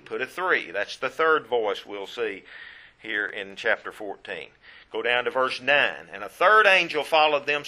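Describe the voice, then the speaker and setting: Male Bible teacher, bright clear tone, instructive and self-correcting. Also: medium pitch. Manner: instructive, stops to correct himself.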